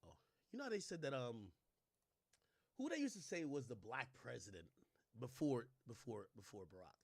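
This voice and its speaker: A young man ranting in casual commentary, mocking and swearing, swinging from low mutters to loud outbursts. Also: big pitch swings, moderate pace, creaky. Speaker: commentary streamer.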